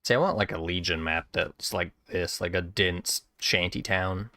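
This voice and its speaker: A man's voice: deep voice, normal speed, no room sound. A young man hosting a watch party, chatting casually and laughing often on a video call. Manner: laughs often, animated and rambling. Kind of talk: casual chat while watching a show. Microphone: webcam on a video call.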